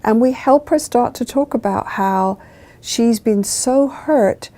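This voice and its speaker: Woman therapist explaining stuff slow and careful, mellow voice, leans on words. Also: fairly high pitch. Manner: slow, deliberate, emphatic phrasing. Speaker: psychologist explaining couples therapy. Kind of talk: measured explanatory talk.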